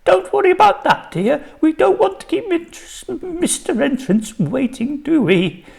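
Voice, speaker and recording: A man voicing a flustered, plump middle-aged schoolwoman with a shaky, high voice in a storybook reading. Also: sing-song, moderate pace, creaky, a little mellow, exaggerated voice.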